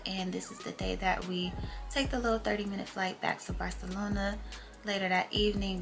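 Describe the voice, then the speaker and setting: A woman's voice: medium pitch, vocal fry. A young woman vlogger telling a story in casual, slangy chat and acting out what people said. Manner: animated, slangy storytelling that acts out quotes.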